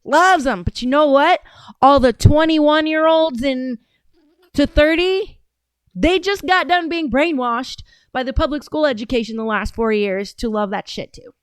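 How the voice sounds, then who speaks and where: A woman's voice: high-pitched, a little slow, dry recording. A woman in her thirties hosting a casual commentary show, ranting in a heated, sarcastic, profane way. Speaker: show host.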